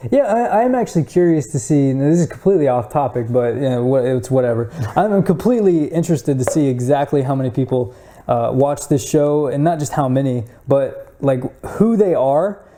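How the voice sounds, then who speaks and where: A young man co-hosting a casual show, upbeat and quick to laugh, sometimes stumbling over his words. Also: mid-range voice, expressive, warm tone, slight background noise. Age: young adult. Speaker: podcast co-host. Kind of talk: casual chat.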